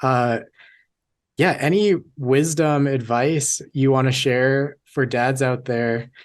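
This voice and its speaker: A man hosts a conversational interview in an ordinary mid-pitched voice. He speaks gently, searching for his words with frequent pauses and fillers. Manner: warm, halting, many fillers. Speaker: podcast host. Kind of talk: casual interview.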